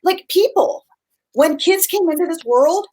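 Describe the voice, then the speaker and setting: A middle-aged woman parenting coach chatting casually, lively and acting out quoted dialogue in changing voices. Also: very high voice, measured pace. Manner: animated, acts out quoted dialogue in shifting voices. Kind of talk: casual chat.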